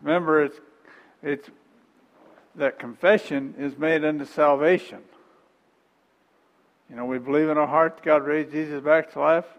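Middle-aged guy preaching, kinda high voice, easygoing folksy sermon, dull boomy hall sound. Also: steady tone, moderate pace, pauses often. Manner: conversational, folksy preaching with chuckles and repeated phrases.

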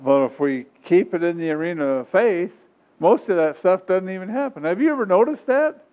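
A man's voice: high voice, lively intonation, normal speed. A man preaching a sermon in a folksy, repetitive style, chuckling now and then. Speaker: pastor. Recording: tinny phone-like recording.

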